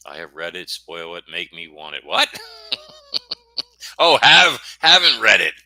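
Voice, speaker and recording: Deep-voiced, rambling American man. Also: big pitch swings, a little slow, pushed and bright, dry recording. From United States. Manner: rambling, jokey, self-deprecating. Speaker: guest author. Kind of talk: casual podcast interview.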